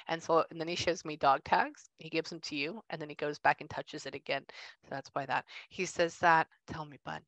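Bright-voiced woman medium, lively and chatty. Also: low-pitched, dry recording. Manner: relays messages in quick bursts, acts out what she is shown. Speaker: psychic medium. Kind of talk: casual reading session.

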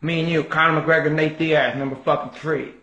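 A man's voice: fairly even intonation, a little fast, sharp tone, echoey room, muffled recording. A man impersonating a laid-back, foul-mouthed male fighter who swears in every line. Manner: low, lazy, swearing constantly.

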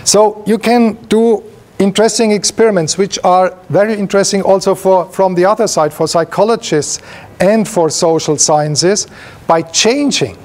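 High-voiced man lecturing. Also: darkish tone. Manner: halting, with frequent restarts and fillers; explains while pointing at slides. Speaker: university professor giving a seminar. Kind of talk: academic seminar lecture.

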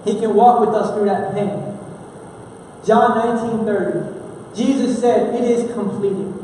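A Houston, Texas pastor preaches in church with a high, warm, unhurried voice, earnest and conversational, often restarting his sentences. The echoey hall is picked up by a distant mic, with slight background noise.

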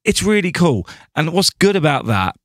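A man's voice: fairly high pitch, very animated, normal speed, no echo, clean studio sound. A man hosting a podcast interview, enthusiastic and thankful as he talks. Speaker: podcast host. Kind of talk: conversational interview.

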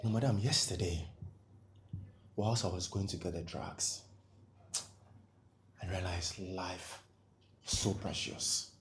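An actor with a Ghanaian accent playing a cheeky young male household worker who laughs nervously as he makes his pitch. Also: slow, pauses often, a little hiss or hum. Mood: persuasive. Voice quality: nervous laughs, pleading then persuasive.

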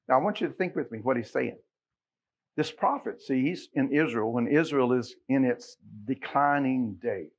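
Folksy Texan preacher, slightly husky. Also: male voice, medium pitch, expressive, normal speed. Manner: folksy, joking asides to the congregation. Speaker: pastor. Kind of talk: sermon.

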